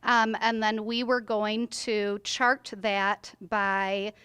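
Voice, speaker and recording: A woman's voice: mid-range voice, steady tone, drawn-out words, fairly bright tone, clean tone. A woman reporting her group's plan at a training workshop, explaining it step by step with many "like" fillers. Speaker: workshop participant. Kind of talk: group share-out.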